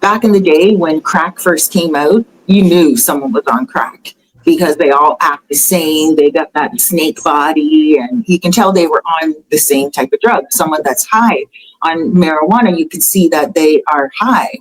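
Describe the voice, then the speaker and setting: A woman hosting a casual celebrity gossip chat, talking in a chatty, animated way with fillers and laughter. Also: deep voice, moderate pace, poor audio. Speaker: host.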